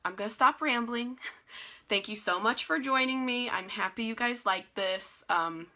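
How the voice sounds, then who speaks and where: Woman team leader, bright heartfelt voice, live video training pep talk. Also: on the high side, moderate pace. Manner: earnest, heartfelt, emotional. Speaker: network marketing team leader. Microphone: phone or webcam on a live video.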